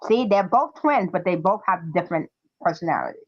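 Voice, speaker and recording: A woman chatting casually on a live stream, an animated storyteller who laughs often. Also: lowish voice, fairly quick, slightly rough. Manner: animated storyteller, laughs often, acts out children's voices in quotes. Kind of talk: casual chat. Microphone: live-stream call microphone. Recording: dull lo-fi stream audio.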